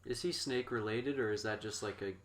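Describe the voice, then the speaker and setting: A man's voice: fairly low pitch, brisk, a bit bright. A young man co-hosting a podcast who jokes around and asks his co-host questions about the plot. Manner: joking, asks questions, teasing quips. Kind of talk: casual chat.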